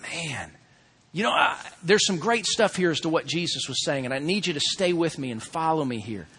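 Husky, high-voiced animated preacher man. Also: normal speed. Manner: animated, acts out crowd voices, swings from loud to hushed. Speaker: pastor. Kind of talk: sermon.

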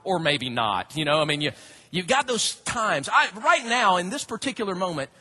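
A man's voice: high voice, husky. A man preaching a sermon in a church, asking the congregation questions and acting out the people he quotes. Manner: animated, acts out quoted voices, asks the congregation questions. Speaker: pastor. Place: church sanctuary.

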